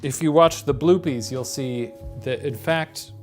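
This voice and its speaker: A man's voice: mid-range voice, a little slow, soft background music. A man in his thirties co-hosting a show, reading viewer comments with dry, wry humor. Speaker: co-host.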